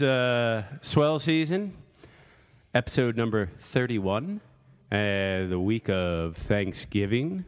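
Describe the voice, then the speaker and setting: A man's voice: mid-range voice, in a large hall. A man hosting a casual podcast chat, playful and jokey, laughing often. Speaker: podcast host. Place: studio in Brooklyn.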